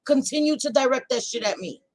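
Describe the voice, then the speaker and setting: A woman hosting a livestream, ranting to her chat in a heated, profane casual way that swings between loud outbursts and quieter stretches. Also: high-pitched, animated, brisk, low-quality recording. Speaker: livestream host.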